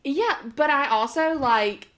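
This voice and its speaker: This young woman sits at a slightly higher pitch than most women and co-hosts a chatty podcast. She talks in an animated way, laughs often and slips into little voices when she retells conversations. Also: takes it slowly. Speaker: podcast co-host. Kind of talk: casual chat.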